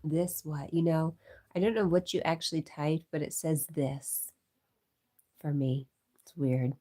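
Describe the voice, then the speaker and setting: Low husky woman chatting on a livestream. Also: steady tone, unhurried, warm tone. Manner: chatty, reads comments aloud, often drops to a whisper. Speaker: livestream host. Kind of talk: casual livestream chat, reading viewer comments.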